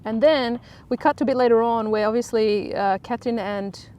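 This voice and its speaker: A woman's voice: fairly high pitch, fairly quick, warm tone, dull audio. A woman casually recapping a soap episode in a chatty, sarcastic way, mocking the characters.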